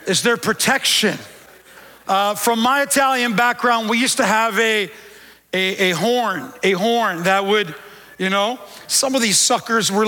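High, bright-voiced joking male pastor. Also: in a large hall. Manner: joking, animated preaching with street slang. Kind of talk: sermon. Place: church.

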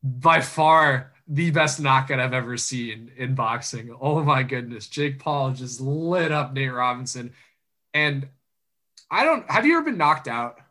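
A man's voice: medium pitch, lively intonation, a little slow, sharp tone. A young man co-hosting a casual sports chat, joking and sarcastic, laughing often. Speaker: sports podcast co-host.

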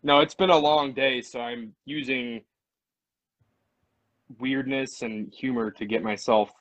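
A man's voice: medium pitch, steady tone, slow, long pauses, fairly bright tone, no room sound. A man co-hosting a casual live stream, chatting in a goofy, rambling, playful way. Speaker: podcast co-host.

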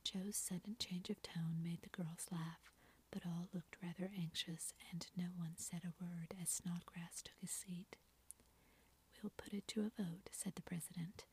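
A woman narrating a classic story in a soft, steady whispered role-play. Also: on the low side, a little slow, slight background noise. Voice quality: breathy whisper.

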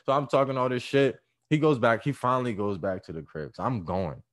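A man casually telling a story full of profanity, animated and acting out the people in it. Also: mid-range voice, brisk. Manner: profane, animated, acts out voices and laughs.

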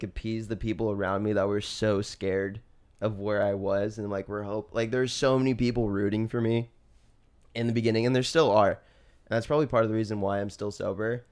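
A man's voice: on the low side, clear, resonant tone. A young man co-hosting a casual podcast chat, rambling with lots of fillers and restarts, laughing often. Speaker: podcast co-host.

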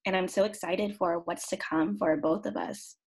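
A woman's voice: on the low side, fairly even intonation, moderate pace, slightly rough. A woman guesting on a podcast who speaks in a heartfelt, gushing way, with many "um"s and "like"s. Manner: warm, heartfelt, lots of "um" and "like". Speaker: podcast guest, event host. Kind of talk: casual podcast chat.

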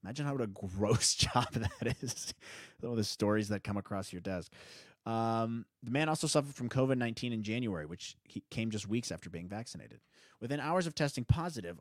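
A man talking alone into a close mic for his podcast, his voice sitting on the low side. He wanders from thought to thought, restarts sentences and laughs easily. The sound is dry, with no room in it. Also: dry recording. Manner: rambling, self-interrupting, laughs often. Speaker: podcast host. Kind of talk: solo podcast monologue.

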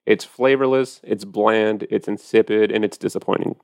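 A man's voice: on the low side, fairly even intonation, moderate pace, gravelly, darkish tone, no echo, studio quality. A man hosting a podcast, chatting casually and animatedly about wine, with profane storytelling. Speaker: podcast host.

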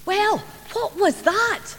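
A woman voicing an excitable, impatient young girl during a sermon's children's story. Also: high voice, measured pace, breathy edge, heavily acted. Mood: eager. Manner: breathless, impatient, rising questions. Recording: reverberant church, faint hum.

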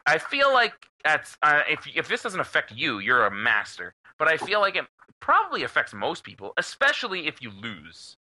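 A young man co-hosting a podcast, telling a story in a casual, animated way with plenty of swearing. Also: fairly high pitch, normal speed. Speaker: podcast co-host. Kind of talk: casual chat.

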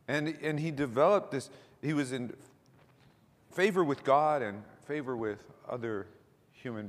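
A middle-aged pastor delivering a sermon in a conversational way, with restarts, asides and repeated words. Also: male voice, medium pitch. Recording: long reverb of a large hall.

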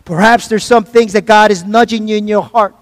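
Male pastor, high voice, repetitive, call-and-response sermon, heard off-mic in a long-echo hall. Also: steady tone, a little fast. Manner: preaching with call-and-response asides; repeats phrases for emphasis, some stumbles.

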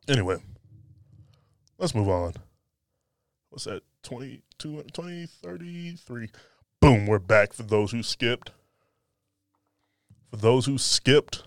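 A man's voice: mid-range voice, lively intonation, slow, long pauses, dry recording, studio quality. A man hosting a casual solo podcast indoors, talking in a loose, joking, profane and rambling way. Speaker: podcast host. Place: indoors by a window. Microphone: podcast mic.

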